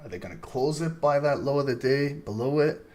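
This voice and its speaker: Guy in his 30s doing casual live trading commentary, rambly, mid-pitched voice. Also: a little fast, warm tone. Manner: rambling, chatty, frequent laughter. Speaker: trading stream host.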